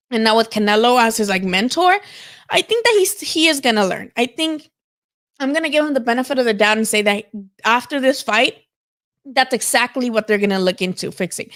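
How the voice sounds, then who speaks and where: Woman, high voice, casual boxing commentary, lots of fillers, swears. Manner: animated, swears freely, many fillers. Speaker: boxing show host. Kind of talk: casual live-stream commentary.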